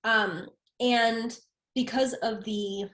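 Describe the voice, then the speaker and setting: A woman's voice: on the high side, steady tone, extremely slow, a bit bright, roomy sound. A woman from the United States, a guest in a casual interview, talking in a rambling way that often interrupts itself. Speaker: guest practitioner.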